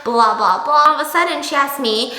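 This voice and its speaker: A young woman chatting casually in a vlog, animated and laughing as she tells stories. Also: high voice, brisk, echoey room, poor audio. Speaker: beauty vlogger.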